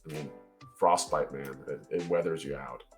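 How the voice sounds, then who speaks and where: A man's voice: a bass voice, fairly even intonation, normal speed, over music. A man chatting casually on a live stream, musing over ideas and laughing often. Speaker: co-host of a worldbuilding stream. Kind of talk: casual chat.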